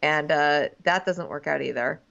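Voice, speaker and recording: A woman's voice: low-pitched, normal speed, gravelly, a bit bright. A woman co-hosting a casual podcast, chatting wryly about a dating show. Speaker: podcast co-host. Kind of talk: casual chat recapping a reality dating show. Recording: dull lo-fi sound.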